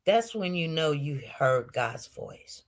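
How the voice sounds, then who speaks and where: A woman telling viewers a personal testimony with great intensity, swinging from loud outbursts to hushed murmurs and often repeating herself. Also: deep voice, sing-song, slow. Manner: repetitive, restarts. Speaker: online show host.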